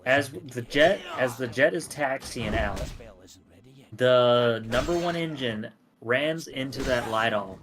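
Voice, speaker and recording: A man co-hosting a gaming stream, speaking in a measured, explanatory way and working through his points with analogies. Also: medium pitch, lively intonation, noisy background. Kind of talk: casual chat while gaming.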